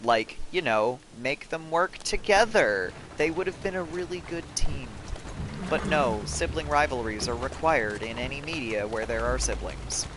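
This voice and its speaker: A man's voice: mid-range voice, animated, moderate pace, noisy background. A man chatting loosely to viewers while playing a video game live, swearing freely and rambling. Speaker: game streamer. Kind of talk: casual live-stream commentary. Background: game music.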